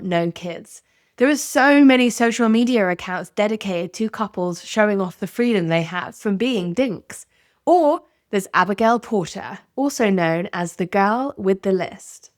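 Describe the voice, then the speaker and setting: A woman's voice: medium pitch, lively intonation, a little slow, no room sound, studio quality. A woman hosting a podcast, narrating in a candid, conversational way. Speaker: podcast host. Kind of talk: scripted narration.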